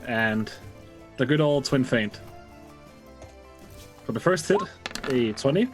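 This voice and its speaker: A man's voice: mid-range voice, lively intonation, slow pace, faint music behind. A man playing a tabletop game, describing his character's moves in a joking, playful way. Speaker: player. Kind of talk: casual tabletop play.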